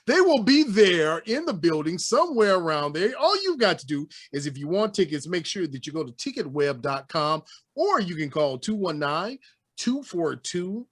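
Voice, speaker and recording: A man with a Northwest Indiana accent hosts a casual sports podcast in a slightly raised voice. He jokes around with lively, preacher-like flourishes between topics. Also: on the high side. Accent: American, Northwest Indiana. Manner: animated, joking, preacher-like flourishes. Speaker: sports talk show host.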